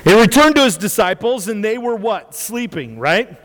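A man's voice: sits high, expressive, normal speed, fairly bright tone, in a large hall. A man preaching a sermon in a conversational way, often stumbling over repeated words and checking in with his listeners. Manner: conversational, repeats words and asks the audience "right?".

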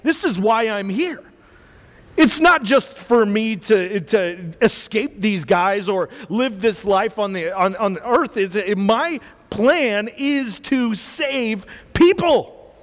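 A man voicing a calm, earnest male savior who explains his purpose slowly and deliberately. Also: high voice. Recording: long hall reverb.

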